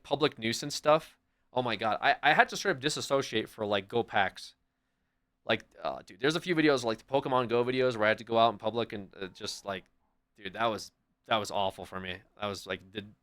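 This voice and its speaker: A man livestreaming and chatting casually with his viewers in a rambling, profane, animated way. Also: medium pitch, smooth.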